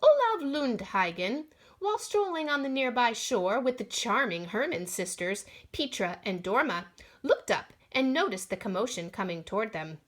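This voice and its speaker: A woman reading a children's storybook aloud in an expressive manner, voicing the sound effects along the way. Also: fairly high pitch, normal speed.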